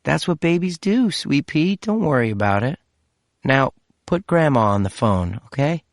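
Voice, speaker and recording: A man's voice: a little high, big pitch swings, normal speed, dry recording, clean studio sound, voice pushed up. A man reading an audiobook, voicing a tense father who speaks curtly and impatiently. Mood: gentle. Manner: curt and impatient.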